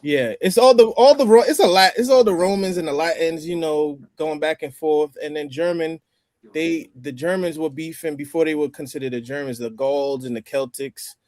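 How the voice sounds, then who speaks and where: A man's voice: on the high side, moderate pace, a little mellow. A man in a casual roundtable chat who talks at length, explaining phrases and practicing new words. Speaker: roundtable participant. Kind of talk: casual group chat over a stream.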